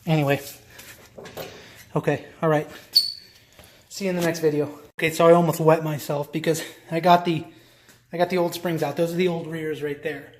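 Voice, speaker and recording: A man's voice: fairly high pitch, level tone, normal speed, pauses often, slight background noise. A man talking casually through his own car repair job in a DIY vlog, rambling and talking to himself as he works. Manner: rambling, self-talking, chatty with restarts. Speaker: car hobbyist vlogger.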